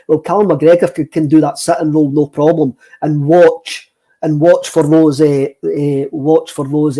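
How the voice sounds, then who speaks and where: Fella hosting a footy podcast, slightly high voice, mellow, stumbles and repeats himself. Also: male voice. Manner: hesitant, repeats words, jokey. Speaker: podcast host. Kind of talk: casual football chat.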